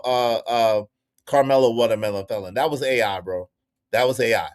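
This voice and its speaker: A man hosting a casual livestream, talking to his chat in an animated, repetitive way. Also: medium pitch, normal speed. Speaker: livestream host.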